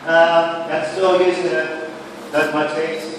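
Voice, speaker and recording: A man's voice: on the high side, little pitch movement, slow pace, distant mic, background noise. Rambling New man, echoey gallery. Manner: rambling, casual, with many "sort of" and "like" fillers. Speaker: exhibiting artist. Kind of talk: gallery floor talk. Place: gallery, indoors. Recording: echoey gallery picked up from afar.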